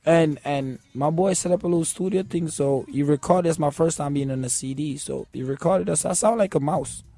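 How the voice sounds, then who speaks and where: Jamaican male musician guest, relaxed storyteller, light-pitched. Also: a little fast, vocal fry, no echo. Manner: laid-back storytelling, keeps asking "you know what I'm saying". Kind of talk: casual interview talk.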